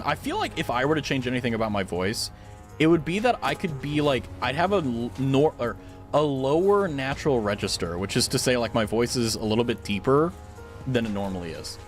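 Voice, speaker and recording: A young man streaming a game at home on a dynamic mic, chatting casually in a rambling, filler-heavy, giggly way. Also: medium pitch. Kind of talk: casual gaming stream chat. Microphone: studio dynamic mic.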